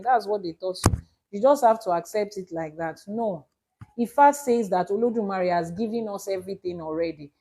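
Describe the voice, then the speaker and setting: With a medium-pitched, mellow voice at normal speed, an Ifa priestess from Nigeria teaches live and takes viewers' questions, and there is slight background noise. She is emphatic, illustrating with examples and driving her main points home through repetition.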